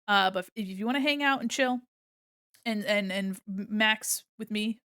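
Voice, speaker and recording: A woman's voice: medium pitch, moderate pace, bright, forceful tone, clean tone, no room sound, studio quality. A woman streaming as an illustrator, chatting casually while she draws, bubbly and giggly, rambling with many fillers. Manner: bubbly and giggly, with gushing greetings. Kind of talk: casual livestream chat while drawing.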